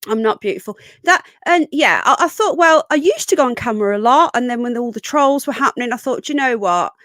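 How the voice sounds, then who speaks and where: A woman's voice: fairly high pitch, expressive, fast, fairly bright tone, no echo, clean studio sound. A woman hosting a live stream, chatting and rambling as she greets viewers and often breaks off mid-sentence. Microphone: close desk microphone.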